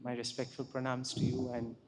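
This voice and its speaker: A man's voice: medium pitch, completely flat delivery, brisk. Effusive man giving thanks in a hall. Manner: warmly effusive, laughing between phrases. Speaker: devotee thanking the speaker. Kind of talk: gracious thanks. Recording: long hall reverb.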